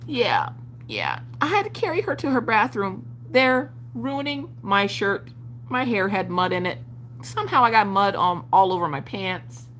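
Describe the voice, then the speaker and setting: A woman's voice: a little high, fairly bright tone, a little hiss or hum. A woman hosting a craft live stream, telling a story in a casual, exaggerated way and swearing freely. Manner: acts out family members' voices.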